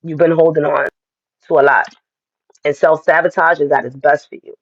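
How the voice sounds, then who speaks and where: A man's voice: fairly high pitch, steady tone, moderate pace, no echo, muffled recording. A man giving a casual astrology and tarot reading, talking straight to his viewers in a chatty, direct way.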